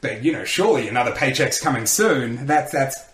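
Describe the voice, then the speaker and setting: A man, a comedian telling lively stories in a podcast interview and acting out the voices of people he quotes. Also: mid-range voice, brisk, reverberant. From Australia. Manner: animated storyteller who acts out quotes. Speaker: comedian and radio host, podcast guest. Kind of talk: casual interview storytelling.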